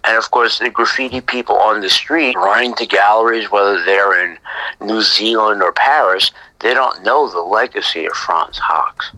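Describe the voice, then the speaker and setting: A middle-aged man, a graffiti artist, telling stories from his past in a chatty way that often sinks into a breathy whisper. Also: on the low side, normal speed, sharp tone, no echo, low-quality recording. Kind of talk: casual storytelling interview.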